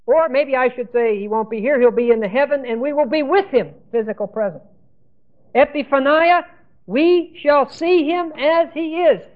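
Male Bible teacher, higher voice, repeats and spells terms, tinny old recording. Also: moderate pace. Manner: spells out Greek words letter by letter, repeats key terms. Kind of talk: Bible lesson sermon.

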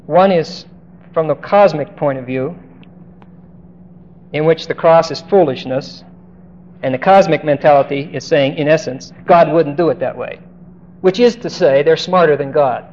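A man's voice: a little high, normal speed, pauses often, darkish tone. Emphatic male preacher, lo-fi recording. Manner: emphatic, stretches key words and asks the listeners direct questions. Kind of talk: expository sermon on a Bible passage. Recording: dull lo-fi recording with faint hiss.

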